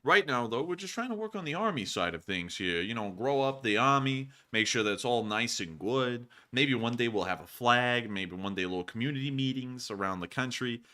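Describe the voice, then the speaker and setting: This live-stream host's voice is medium in pitch, pushed and bright, animated and fairly quick with few pauses. He reacts to viewer messages casually, joking, laughing often and saying his phrases over again.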